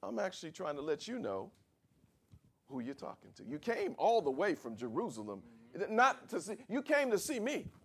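A preacher voices Jesus as a patient, authoritative male teacher who explains himself plainly and earnestly. The voice sits high for a man and swings widely in pitch, with a gravelly edge. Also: huge pitch swings, moderate pace, exaggerated voice.

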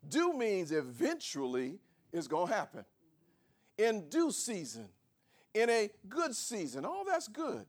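Pastor, male, high and very animated voice, slow measured sermon delivery that climbs into shouts. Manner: teaching, swells from low asides to shouted emphasis; calls for congregation responses.

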